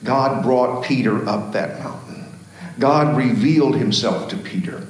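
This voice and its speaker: A man's voice: medium pitch, unhurried. A man, the pastor, preaching a sermon in a folksy storytelling manner, telling jokes and anecdotes. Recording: very echoey church room.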